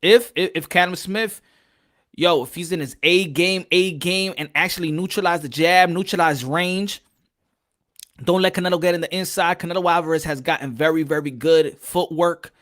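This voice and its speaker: A man's voice: sits high, moderate pace, fairly bright tone. A man hosting a casual boxing live stream, hyped and repeating his phrases. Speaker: podcast host.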